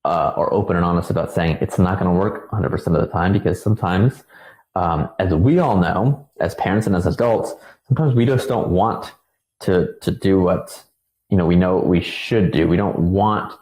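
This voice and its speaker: A young man who works as a counselor, explaining parenting ideas in a relaxed, casual way, with many fillers and repeated words. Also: sits low, normal speed, echoey room, rough recording. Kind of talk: casual educational talk.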